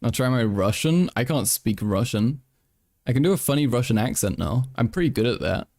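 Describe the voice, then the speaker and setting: A man's voice: medium pitch, animated, a little fast, darkish tone, dry recording, clean studio sound. A man live-streaming casual commentary, joking and swearing as he reacts to a video. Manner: joking, swearing, switches into mock French.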